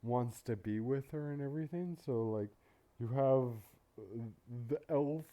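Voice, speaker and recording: A man's voice: medium pitch, measured pace, dark tone. A man hosting an anime reaction video, talking in a rambling, casual way with many fillers and some swearing. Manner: rambling, filler-heavy, profane. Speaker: anime reaction channel host.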